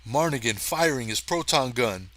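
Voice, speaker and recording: A man narrating a science fiction story aloud with lively drama, now and then turning to chat casually with his listeners. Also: medium pitch, moderate pace. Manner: lively, chatty, talks to listeners directly. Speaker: audiobook reader.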